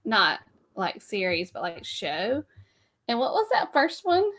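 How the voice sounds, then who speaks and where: A woman's voice: on the high side, huge pitch swings, slow, a bit bright. A woman hosting a casual live-stream chat at home, laughing often as she talks. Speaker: host.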